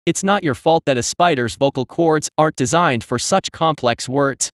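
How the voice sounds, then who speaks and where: A man's voice: fairly high pitch, normal speed, no room sound, clean studio sound, close to an everyday voice. A man voicing a reborn male tree spirit who tries to sound grand and dignified.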